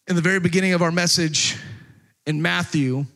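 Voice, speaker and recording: A man delivers a sermon in a loose, joking style, teasing the room with rhetorical questions. His voice sits high and sounds bright and forward. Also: steady tone, brisk. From Texas. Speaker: pastor.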